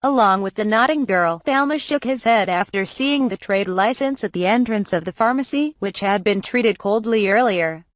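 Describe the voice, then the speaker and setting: A woman reading a translated web novel aloud in an even, steady narration. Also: medium pitch, moderate pace, few pauses, no room sound. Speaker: audiobook reader.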